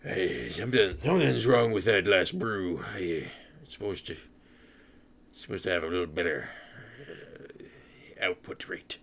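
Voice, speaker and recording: A fussy male dragonborn barkeep, voiced by a man running a tabletop game, muttering halting complaints about his brew. The voice sits somewhat low and stays close to an everyday speaking voice. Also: animated, creaky, a bit bright, exaggerated voice. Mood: grumbling.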